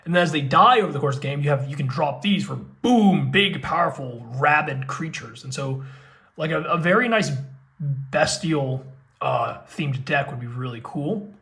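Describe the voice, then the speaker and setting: Male unboxing host, a bit high-pitched, excitable, gushy commentary. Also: normal speed, vocal fry. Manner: excitable, gushing, with frequent exclamations. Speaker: card game unboxing host.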